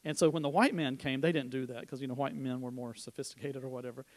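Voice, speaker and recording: A man's voice: mid-range voice, steady tone, fast talker. A middle-aged man giving a conversational sermon at church, telling personal stories with informal restarts and asides. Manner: informal storytelling, frequent restarts. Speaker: church speaker.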